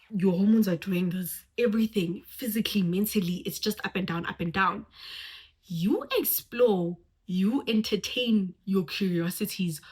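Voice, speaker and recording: Animated woman vlogger. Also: mid-range voice, husky. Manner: animated, expressive, swings from loud exclamations to hushed asides. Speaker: vlogger giving life advice. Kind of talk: casual talk to camera.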